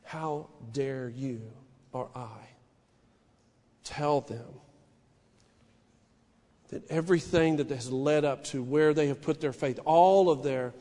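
A male pastor preaching a sermon in a church, shouting some lines and dropping to a hushed warning on others. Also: steady tone, takes it slowly, long pauses, in a large hall. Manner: fervent preaching, swinging from shouted declarations to low hushed warnings. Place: church sanctuary.

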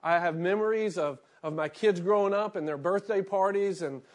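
A middle-aged man, a pastor, reading scripture aloud and then preaching in a relaxed, storytelling way. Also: high-pitched, moderate pace.

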